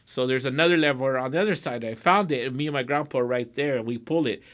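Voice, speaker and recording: Speaking briskly in a mid-range voice, this middle-aged Southern Californian guest artist spins an animated, profanity-laced story during a relaxed interview, dropping in bits of Spanish.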